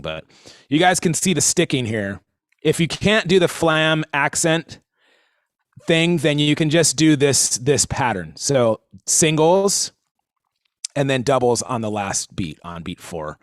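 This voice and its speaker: Male drum teacher, relaxed and rambling, dry close mic, mid pitch. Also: dry recording. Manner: rambling, filler-heavy, easygoing. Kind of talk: casual live-stream lesson.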